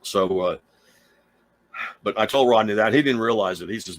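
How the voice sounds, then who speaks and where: A man's voice: lowish voice, moderate pace, pauses often, no room sound, low-quality recording. A middle-aged man telling a story in a casual, rambling way, full of restarts and asides, speaking from a small home studio. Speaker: guitar teacher and livestream host.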